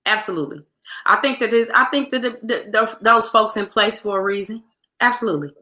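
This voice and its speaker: A woman's voice: mid-range voice, a little fast, sharp tone. A woman co-hosting a podcast in casual talk, telling stories emphatically and speaking, often repeating herself and restarting her sentences. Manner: emphatic, repetitive, storytelling with restarts. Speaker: podcast co-host. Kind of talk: casual opinion talk reading listener comments.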